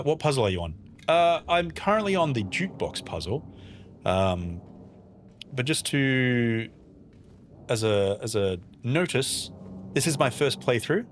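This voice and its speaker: This is a fairly low-pitched male voice with slight background noise. He's on a casual gaming stream, chatty as he reads chat messages and responds, and playful as he mumbles to himself during play.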